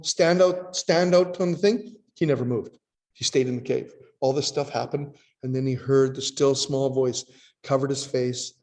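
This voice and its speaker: Guy preaching a sermon, lively up-and-down voice, reads passages and acts out voices, long hall echo. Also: medium pitch. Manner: teaching tone, quotes scripture and acts out voices.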